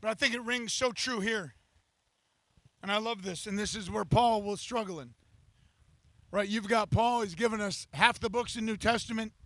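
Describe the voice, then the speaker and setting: High-voiced, bright impassioned male preacher. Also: normal speed, no room sound, rough recording. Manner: impassioned preaching, acting out scripture in first person, building to shouts. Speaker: pastor. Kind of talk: sermon. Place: church.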